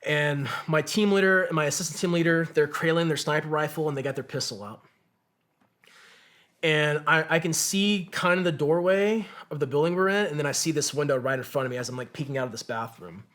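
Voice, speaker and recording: This man's voice is fairly high, fairly quick, and fairly bright as he tells his war story as a podcast guest. A combat veteran, he swears openly, acts out other people's lines, and tells it vividly in conversation.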